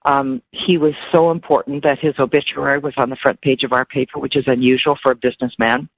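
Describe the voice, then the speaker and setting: A woman speaking as an interview guest, emotional and halting, often repeating words. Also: very deep voice, flat delivery. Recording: dull lo-fi dry sound.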